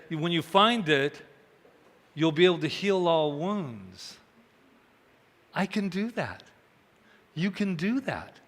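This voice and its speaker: A man giving a chatty sermon, telling stories and acting out the voices of the people in them. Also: a little high. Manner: chatty, animated, acts out quoted voices. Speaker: minister. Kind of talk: conversational sermon with storytelling. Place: church hall. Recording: reverberant hall.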